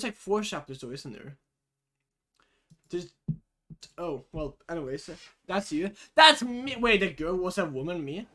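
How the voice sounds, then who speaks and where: A man streaming live, commenting on a story game in an excitable, giggly, rambling way. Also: on the high side.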